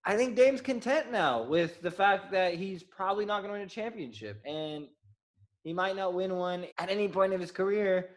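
A man's voice: sits high, lively intonation, normal speed. A man hosting a casual sports podcast, easygoing and joking. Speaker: podcast host.

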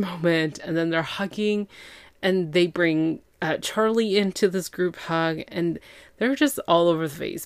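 A woman with a low, gravelly voice chats through a show recap as a podcast host. She is worn out from a long day and rambles with lots of fillers, slipping into quick impressions of the characters. The sound is close and dry. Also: no echo. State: tired after a long day. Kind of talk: casual chat.

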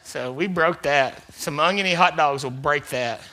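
A man preaching a sermon as pastor, repeating phrases for emphasis and swinging between loud emphatic peaks and quiet asides. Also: on the high side, normal speed, background noise. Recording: live church service.

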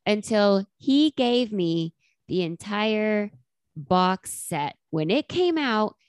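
A woman's voice: medium pitch, takes it slowly, clean tone, dry recording, studio quality. A woman in her thirties chatting casually as co-host, acting out quotes with laughs. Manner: animated, acts out quotes with laughter. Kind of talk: casual chat.

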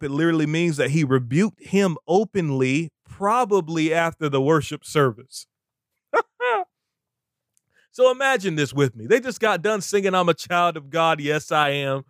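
A man's voice: fairly high pitch, animated, unhurried, no room sound, clean studio sound. A man preaching in a podcast chat, emphatic and repeating phrases for effect. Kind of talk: animated sermon-style talk.

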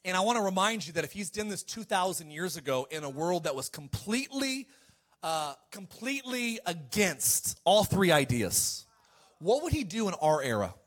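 A man preaching a sermon to a congregation, swinging between loud calls and quiet asides and asking for amens. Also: sits high, big pitch swings, normal speed.

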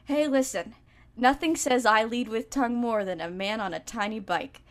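A woman's voice: on the high side, moderate pace. A young woman co-hosting a comedy podcast, joking casually, often laughing and trailing off mid-sentence. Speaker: podcast co-host.

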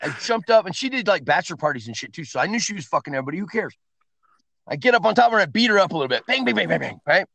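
A high-pitched man tells crude stories as a guest in a casual chat, swearing constantly and making his voice climb and plunge with every turn. His voice sounds dry and close, with no room around it. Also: very fast, vocal fry, no echo. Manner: profane, animated storyteller. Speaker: podcast guest.

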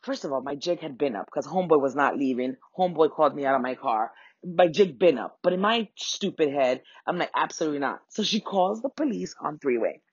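Low, husky young woman; comic storyteller, profane, animated; dry, slightly dull recording. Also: fairly quick, dry recording. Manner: animated, profane, acts out quoted voices.

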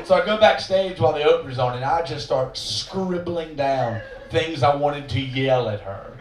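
A man's voice: on the high side, animated, moderate pace, few pauses. A man telling a long, profane, self-mocking story on stage between songs at a live show. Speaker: singer-songwriter telling stories on stage. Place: live venue with audience. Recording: roomy live recording from a distance. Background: audience ambience.

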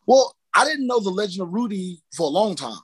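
An animated man who tells stories casually, swears freely and slips into the voices of people he quotes. His voice sits a little high for a man. It is recorded close and dry, with no room sound. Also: brisk, breathy edge, dry recording. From New Mexico. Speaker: cut man guest. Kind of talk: casual storytelling interview.

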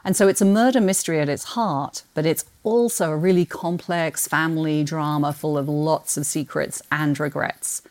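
A British woman with a slight Australian twang, a books marketing executive, guests on a podcast and talks animatedly about books, laughing often. Her voice is deep and a little mellow, steady in tone, at normal speed with few pauses.

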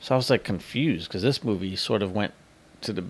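A man co-hosting a podcast in laid-back, halting casual chat. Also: fairly low pitch, husky. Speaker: podcast co-host.

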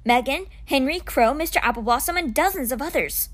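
A woman reading a storybook aloud, voicing a worried, blunt teenage boy who speaks loudly and insistently. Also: high-pitched, expressive, brisk. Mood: agitated.

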